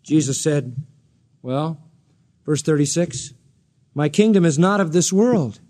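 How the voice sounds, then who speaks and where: A man with a high, bright-toned voice preaches a sermon. He acts out the people he quotes, swinging his pitch up and down for drama. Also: expressive, slow. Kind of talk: expository sermon.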